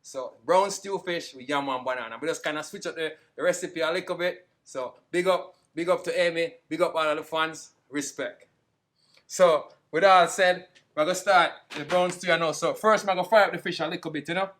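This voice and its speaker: Faint frying accompanies this casual cooking demonstration, in which a man with a Jamaican accent walks through each step. His fairly high voice moves fairly quickly, and his chatty, relaxed talk mixes in patois.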